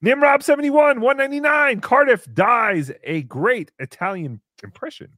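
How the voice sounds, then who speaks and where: A man hosting a casual live show, excitably chatting and reading out viewer messages. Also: very high-pitched, moderate pace, no room sound, clean studio sound. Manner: excitable, reads out paid messages. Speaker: show host.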